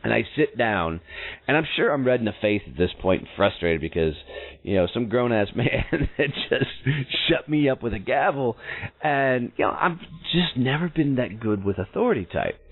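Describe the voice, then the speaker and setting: A man's voice: medium pitch, expressive, normal speed. Blunt man telling a story over a phone-thin line. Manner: blunt, salty, self-mocking. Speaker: podcast host. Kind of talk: storytelling monologue. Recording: narrow phone-like sound.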